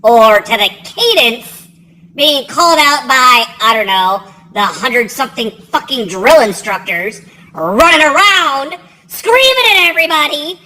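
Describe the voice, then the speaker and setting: A woman's voice: high-pitched, expressive, measured pace, pushed and bright, rough recording. A woman telling a casual, rambling story about her own past, swearing freely and laughing at herself. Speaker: military veteran telling a story.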